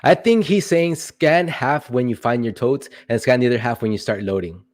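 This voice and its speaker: A man's voice: medium pitch, normal speed, a little mellow. A young man hosting a casual livestream, answering chat questions in a rambling, playful way with joking asides.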